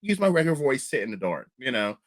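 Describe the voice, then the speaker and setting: A man's voice: mid-range voice, very animated, quick pace, dry recording, clean studio sound. A man hosting a horror podcast in blunt, casual chat, swearing freely. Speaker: podcast host.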